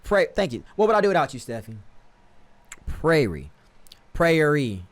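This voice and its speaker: A man's voice: fairly high pitch, sing-song, rapid-fire. Laid-back man chatting over gameplay. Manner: laid-back, slangy, corrects himself often. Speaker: streamer. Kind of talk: casual gameplay commentary.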